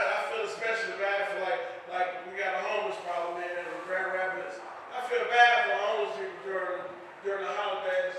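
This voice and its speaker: A stand-up comedian with a high, bright voice, working through a loose, profane set and shouting his punchlines. He sounds distant from the mic, with heavy echo from a roomy hall. Faint room ambience sits underneath him. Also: slight background noise. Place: comedy club stage. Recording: echoey room from far off.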